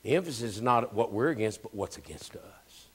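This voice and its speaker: A man preaching a sermon as pastor. He moves between hushed, almost whispered lines and loud, emphatic, repeated phrases. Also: fairly low pitch, animated, a little fast, husky. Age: 60s. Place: church.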